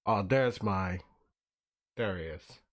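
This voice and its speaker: Laid-back man chatting slowly. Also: sits low. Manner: laid-back, chuckling asides. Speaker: streamer. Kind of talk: casual live stream chat.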